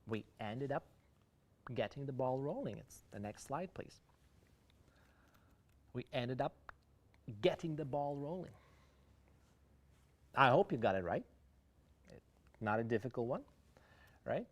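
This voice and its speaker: A man's voice: medium pitch, lively intonation, unhurried, pauses often. Man, Ukrainian accent, English teacher, online lecture, addresses the chat. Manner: explains idioms, switching between English and Russian.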